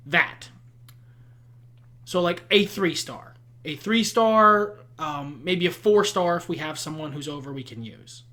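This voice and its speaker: A man co-hosting a casual game session, enthusiastically pitching ideas. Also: fairly bright tone. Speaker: co-host. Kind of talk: casual chat while playing a booking game.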